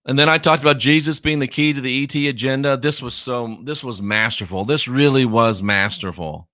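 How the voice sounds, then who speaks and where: Middle-aged American male host, sarcastic livestream commentary, bright and dry, swinging from mutters to loud outbursts. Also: medium pitch, a little fast, no echo. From United States. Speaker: online show host.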